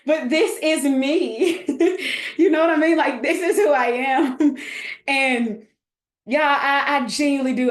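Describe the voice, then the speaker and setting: A woman's voice: on the high side, roomy sound. A woman, chatting casually as a coach, goofy and full of laughter. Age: 30s. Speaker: host and coach. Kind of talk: casual livestream chat.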